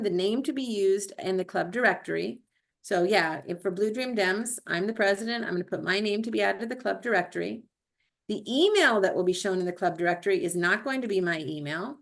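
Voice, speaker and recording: A woman's voice: medium pitch, gravelly. A woman club president walking a meeting through a chartering form, talking casually with fillers and self-corrections. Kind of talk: instructional walkthrough, screen-share presentation. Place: video call or recorded meeting.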